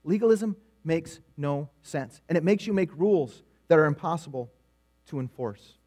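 A middle-aged man delivers a sermon in a relaxed, story-driven way, often doubling back on his words. His voice sits notably high for a man. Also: moderate pace. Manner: conversational storytelling preaching with repetitions. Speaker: preacher.

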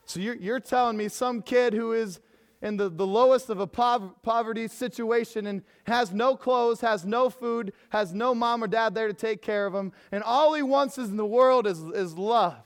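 Preacher, male, high-pitched, swings between fervent calls and quiet storytelling. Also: normal speed, smooth. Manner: emphatic, swinging from loud exhortation to hushed storytelling. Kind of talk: sermon.

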